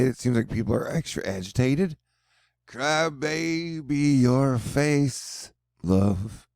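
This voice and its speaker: A man's voice: mid-range voice, creaky, dark tone, no echo, studio quality. A man with a Texan accent hosting casual storm-tracking commentary over forecast maps, rambling with offbeat jokes. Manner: joking, rambling, offbeat asides. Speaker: weather video host.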